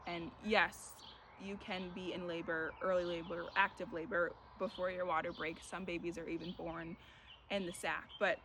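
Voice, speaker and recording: A young woman, a mother, earnestly talking through her own birth story in a casual, reflective way, often pausing on "you know.". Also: on the low side. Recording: steady background noise.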